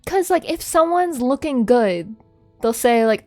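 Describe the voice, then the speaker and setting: A woman's voice: fairly high pitch, animated, measured pace, warm tone, soft background music. A young adult woman streaming as a VTuber, chatting casually with lots of "like" fillers and frequent giggles. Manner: rambling, many "like" fillers, giggly. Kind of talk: casual live-stream chat.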